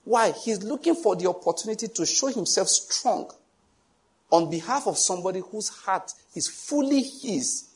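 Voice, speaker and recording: Husky-voiced preacher man. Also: high voice, animated, normal speed. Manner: emphatic, asks the congregation questions. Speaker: pastor. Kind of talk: sermon.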